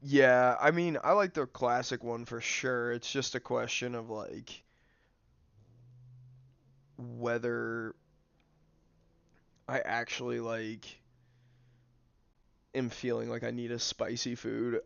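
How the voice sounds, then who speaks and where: A young male streamer rambles casually through his game, loose and full of fillers. His voice has a gravelly edge, and the recording is dry and a bit dull. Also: mid-range voice, flat delivery, slow pace, long pauses, fairly bright tone, no echo. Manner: rambling, filler-heavy, snacking while talking. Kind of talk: casual livestream commentary.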